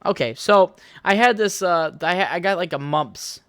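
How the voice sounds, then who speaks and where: A man's voice: high voice, normal speed, a bit bright, clear, resonant tone, no room sound, clean studio sound. Rambling, foul-mouthed young man. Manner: crude, rambling, swears freely. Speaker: podcast host. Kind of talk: casual solo podcast rambling.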